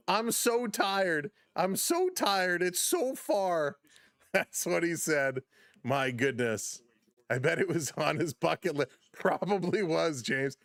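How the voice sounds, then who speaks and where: A man with a high, light voice calls a baseball game on a live stream, recorded close and dry with no room sound. He gets loud and excited on big plays, laughs easily, and greets his chat viewers by name. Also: no echo. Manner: bursts into shouting excitement on big plays, chuckles often. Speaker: live stream play-by-play host. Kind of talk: excitable baseball play-by-play with chat shout-outs.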